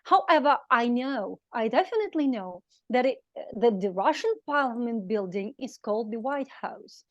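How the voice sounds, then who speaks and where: A middle-aged woman with a Ukrainian accent answers on the spot in a careful, measured way. Her voice is fairly high and the sound is dry and close. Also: lively intonation, no room sound, muffled recording. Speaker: meeting participant. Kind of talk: impromptu answer.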